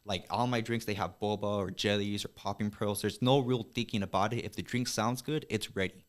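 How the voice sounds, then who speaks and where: A man, a podcast guest who runs a boba shop, talking casually and quickly with lots of "like" and some swearing. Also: on the low side, steady tone. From West Texas. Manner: fast, loose, swears freely, lots of "like". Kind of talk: casual chat.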